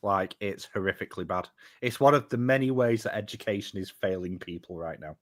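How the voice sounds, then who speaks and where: A man's voice: fairly low pitch, a little fast. A man chatting as a guest, wry and joking, rambling a little. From United Kingdom. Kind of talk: casual chat.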